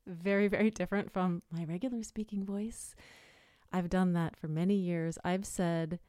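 A woman hosting her own podcast in a loose, rambling style, often going back to correct herself. Her voice is smooth and resonant and sits on the lower side for a woman. The sound is dry and close. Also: fairly even intonation, unhurried, mellow, no room sound. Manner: chatty, rambling, self-correcting. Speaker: podcast host and voiceover artist. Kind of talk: casual solo podcast talk.

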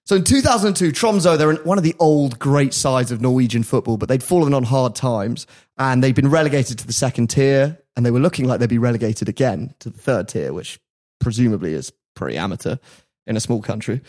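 A man's voice: mid-range voice, fairly quick, a little mellow. A man hosts a podcast and tells a story in an easy, conversational way. He breaks into laughter at his own asides. His voice sits in an ordinary middle range. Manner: laughs often while telling a story. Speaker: podcast host. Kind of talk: casual storytelling chat.

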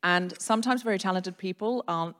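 A woman's voice: mid-range voice, fast talker, a bit bright. A woman hosting a live comedy podcast on stage, bantering playfully with her co-host. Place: live stage in a concert hall.

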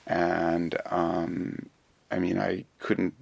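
A man's voice: sits low, flat delivery, drawn-out words, gravelly, dry recording. An older man from the United States, a film director answering interview questions with dry, wry humor and thoughtful digressions.

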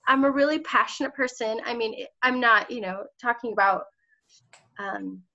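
A woman's voice: fairly high pitch, moderate pace, sharp tone. A woman in her thirties, a political candidate telling her story in an interview, passionate and emotional, often laughing as she talks. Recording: slightly dull lo-fi audio.

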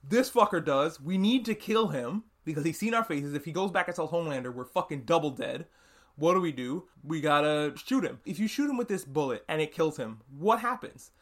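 Guy podcasting about a tv show, kinda high voice, swears a lot and acts out the lines. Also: animated, brisk. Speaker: podcast host. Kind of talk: casual recap chat.

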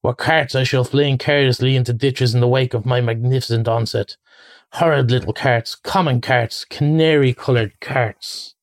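A man voicing a dazed male toad in a storybook reading, murmuring in a dreamy monotone. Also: medium pitch, normal speed, no echo, close to an everyday voice.

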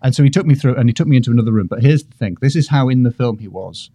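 A man's voice: medium pitch, racing, dark tone, dry recording, clean studio sound. A man from Britain, a comedian guest, telling self-deprecating stories in a rambling, casual podcast chat.

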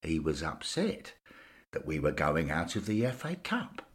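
A man voicing Bill, a calm, knowing older male ghost who explains things patiently and matter-of-factly. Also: rumbling low, unhurried, pitched below the performer's own voice, exaggerated voice. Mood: explaining.

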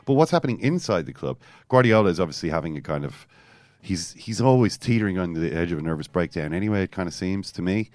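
A man hosting a podcast, telling a football story with animated, storytelling energy and reading quotes aloud. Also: deep voice, quick pace, no echo. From Ireland. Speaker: podcast host. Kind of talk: casual football chat.

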